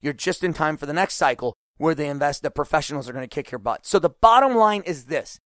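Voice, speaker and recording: A middle-aged man hosting a solo podcast as a business coach, talking in an energetic, animated way. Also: fairly high pitch, quick pace, no room sound, studio quality. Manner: energetic, animated, acts out quoted voices.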